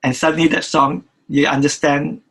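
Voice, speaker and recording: A man's voice: a little high, flat delivery, fairly bright tone, low-quality recording. An older man, a record producer, talking as an interview guest, stopping and restarting his sentences often. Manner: halting, many restarts and repeated words.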